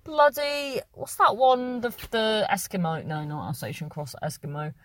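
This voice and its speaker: A woman's voice: mid-range voice, moderate pace. A young woman hosting a podcast, chatting casually and reading out listener messages, rambling and correcting herself. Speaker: podcast host.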